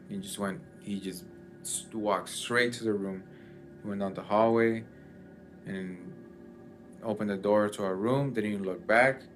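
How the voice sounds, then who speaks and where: A man in casual chat, telling a story with lots of fillers and restarts. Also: lowish voice. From Mexican family background. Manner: rambling, many fillers.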